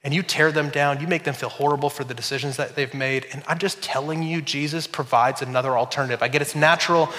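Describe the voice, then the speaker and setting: A middle-aged man preaching a sermon as pastor, telling stories with animated, shouted quotes. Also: fairly high pitch.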